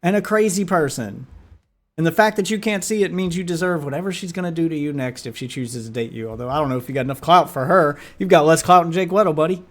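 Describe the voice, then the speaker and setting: A man's voice: a little high, quick pace, fairly bright tone. A man commentating on a live stream, mocking and scornful, talking back at the screen.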